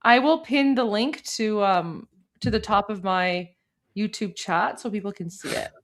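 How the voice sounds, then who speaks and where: A woman's voice: medium pitch, measured pace. A young woman from Iran hosting a livestream, chatting casually with many fillers and restarts. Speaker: livestream host.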